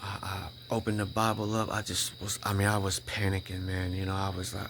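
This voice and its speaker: A man with a very low voice tells his faith testimony in an earnest, casual way. He stumbles, repeats himself and keeps asking "right?" A faint chirp of crickets sits behind him. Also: monotone, background noise. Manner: emphatic, repeats himself, keeps checking in with "right?" and "you know?"; halting restarts when emotional. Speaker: vlogger sharing a personal faith testimony.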